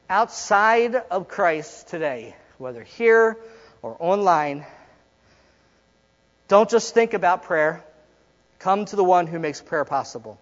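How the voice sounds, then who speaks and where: A male pastor preaching a sermon in a church, swinging from loud emphasis to hushed, quiet lines. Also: fairly high pitch, long reverb tail, dull audio. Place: church sanctuary.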